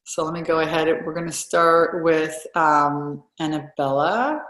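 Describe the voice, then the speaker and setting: A woman's voice: a little slow, a little hiss or hum. Effusive woman coach in an echoey room. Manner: upbeat and effusive, with big excited jumps in pitch. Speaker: business coach hosting a group call. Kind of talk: live group coaching call.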